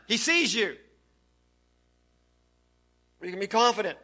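A man preaching a sermon to his church, swinging from hushed lines to loud, emphatic ones. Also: high-pitched, big pitch swings, slow pace, husky. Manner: preaching with sudden swings between loud and soft. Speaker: pastor.

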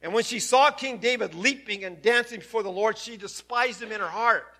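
A man preaching a sermon, his voice sitting high and bright. He drops to near hushes and then builds up to loud, emphatic lines. The delivery is that of a pastor speaking to his church. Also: brisk. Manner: preaching with sudden swings between loud and soft.

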